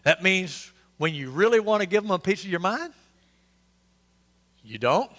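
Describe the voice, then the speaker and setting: A man's voice: sits high, lively intonation, normal speed, a bit bright, in a large hall. A male pastor, preaching an interactive, joking sermon and questioning his congregation. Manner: conversational, quizzing the congregation, joking asides. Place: church sanctuary.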